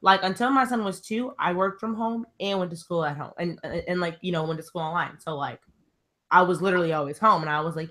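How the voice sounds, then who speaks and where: Woman w a lowish voice, candid and hesitant, says like a lot. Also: fast talker, a bit bright. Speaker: discussion guest. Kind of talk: casual chat.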